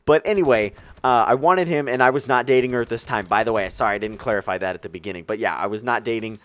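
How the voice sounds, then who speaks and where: A man's voice: medium pitch, fast talker, a bit bright. A young man telling a casual storytime vlog, rambling with lots of fillers and acting out the story. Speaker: vlogger.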